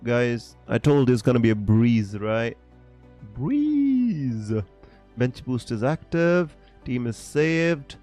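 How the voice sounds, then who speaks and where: This is a man hosting a fantasy football live stream, talking casually to his chat. He is theatrical and quick to laugh, swinging into loud exclamations. Faint music plays in the background. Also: medium pitch. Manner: excitable, dramatic, laughs and exclaims often.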